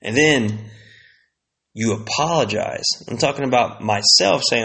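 A man's voice: medium pitch, moderate pace, vocal fry, a bit bright. A man hosting a solo podcast, venting bluntly in a casual, profanity-heavy rant that circles back on itself. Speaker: podcast host.

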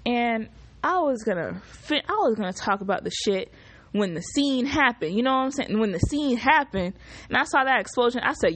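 A woman hosting a casual solo podcast, recapping a show in an animated, profane, exclamatory way. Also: on the high side, brisk. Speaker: podcast host.

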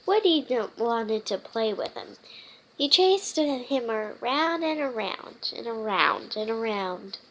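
A woman with a fairly high voice reads a children's picture book aloud at an unhurried pace, stumbling and restarting often with fillers. A faint noise sits behind her. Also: animated, rough recording. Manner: halting, with frequent fillers and restarts. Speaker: storytime reader.

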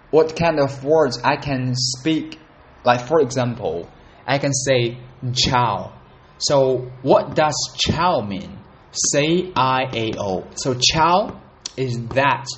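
A man talks slowly and easily in a casual solo podcast. He chats at a relaxed, deliberate pace and says words over and over to practice them, in a voice of middle pitch. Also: a little hiss or hum. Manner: unhurried, chatty, repeats words to practice. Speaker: podcast host learning Italian.

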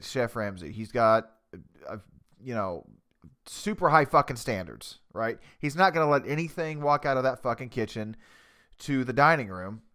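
A man's voice: medium pitch, bright, forceful tone. A man hosting a casual podcast from his basement, rambling profanely and mocking himself. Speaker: podcast host. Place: home basement. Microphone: cheap desktop USB mic.

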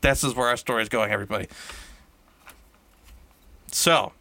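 A man's voice: mid-range voice, moderate pace, bright, forceful tone. A man casually improvising a silly story, correcting himself as he goes and laughing at his own jokes, in a room shared with a co-host.

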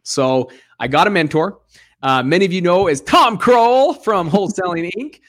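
A man in his thirties, an interview guest who tells his story in a lively way and acts out the other voices. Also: sits high, normal speed. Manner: animated storyteller acting out dialogue. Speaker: guest, real estate investor.

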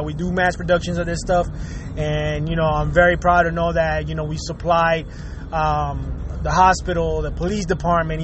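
A man's voice: a little high, noisy background. A man from Puerto Rico, a native Spanish speaker with a heavy Puerto Rican accent, rambling bluntly in a casual vlog monologue, repeating words and swearing freely. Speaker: vlogger.

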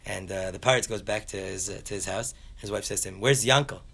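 Gravelly, folksy storytelling man. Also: low-pitched, fast talker. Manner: animated, folksy storyteller acting out the characters. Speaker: Torah teacher. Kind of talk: storytelling Torah class.

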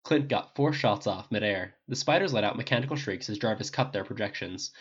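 An audiobook reader narrates fan fiction with an expressive, lively pitch. The voice sits mid-range, and the recording sounds dull and lo-fi. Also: brisk, slightly rough.

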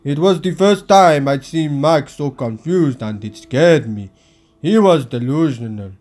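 A man hosting a podcast, reading a first-person audiobook aloud in a steady storytelling delivery. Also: on the high side, measured pace, faint music behind.

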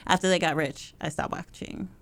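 A woman's voice: on the low side, steady tone, normal speed, fairly bright tone, no echo. A woman in casual chat, bluntly giving opinions and laughing often.

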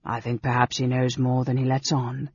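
A man reading a story aloud, voicing a calm, scheming male elf senator in a low, quiet, sarcastic tone. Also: moderate pace, gravelly, slightly rough, dry recording. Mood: sly. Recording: dull, dry lo-fi recording.

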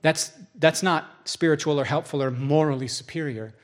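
At a normal speed and in a somewhat high voice, a middle-aged pastor gives a sermon built around stories, acting out each side of a dialogue. For solemn moments, his voice sinks to a hush.

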